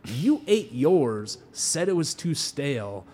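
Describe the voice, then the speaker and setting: A young adult man, a podcast co-host, telling a story in casual chat with lively delivery and free swearing. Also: on the high side, slow, slight background noise. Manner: animated storytelling, swears freely.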